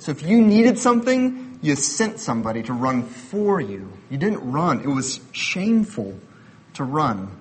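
A man's voice: a little high, breathy edge. Man preaching a conversational sermon. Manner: conversational preaching with personal stories, rising emphasis. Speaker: pastor.

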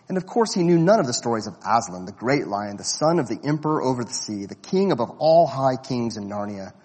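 A man reads a children's story aloud in a measured, expressive voice at a middling pitch. His tone is breathy and husky, with a long echoing reverb around it. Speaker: narrator.

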